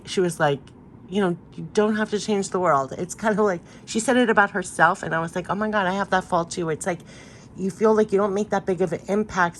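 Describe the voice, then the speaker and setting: Middle-aged woman, lowish voice, warm rambling card reader, leans on "like", light background hiss. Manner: chatty, rambling, encouraging, says "like" often. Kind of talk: casual rambling card reading.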